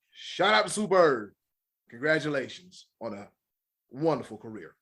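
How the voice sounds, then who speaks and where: A man's voice: mid-range voice, big pitch swings, normal speed, pushed and bright, breathy edge. A man with an American accent co-hosting a sports podcast, rattling off stats with jokey asides. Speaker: podcast co-host. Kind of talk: casual sports chat.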